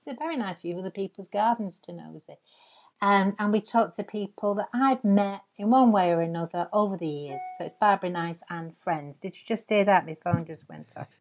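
A woman's voice: mid-range voice, fairly quick. A woman hosts a chatty comic podcast, homely and teasing in her banter. She talks from a back bedroom at home over a remote link. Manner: homely, teasing, calls people love. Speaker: podcast host.

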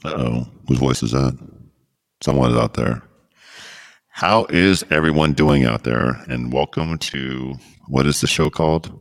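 A man's voice: very deep voice, unhurried, vocal fry, dry recording, studio quality. A man hosting a podcast in a casual chat, rambling and joking as he gets sidetracked. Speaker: podcast host.

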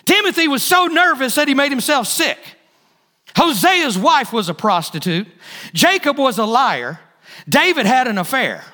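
A man's voice: very high-pitched, big pitch swings, normal speed, sharp tone. A male pastor preaching a sermon, repeating key phrases for emphasis and asking the congregation questions. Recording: hall reverb.

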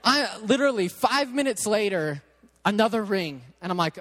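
High-voiced man telling a story in a sermon. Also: moderate pace. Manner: chatty, animated storyteller with many restarts. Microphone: headset mic.

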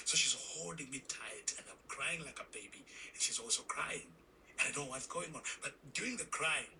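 A man recounts his conversion with earnest intensity, his voice bright and ringing, sometimes stumbling and restarting and sinking to a whisper. A faint hiss of background noise runs under the recording. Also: medium pitch, low-quality recording. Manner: earnest, halting with repeated restarts, drops to a whisper at intense moments. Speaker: guest telling his conversion story. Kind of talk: emotional testimony in a podcast interview.

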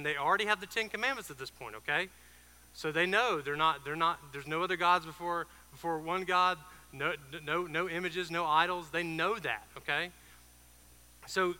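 A man preaching an informal sermon, retelling a Bible story in a conversational way with fillers and quick asides. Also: fairly high pitch, sharp tone, smooth, long reverb tail.

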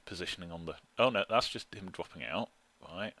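A man's voice: deep voice, brisk, pushed and bright, dry recording. A man playing in an online tabletop game, chatty and laughing often. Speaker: player. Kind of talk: casual chat during a tabletop game.

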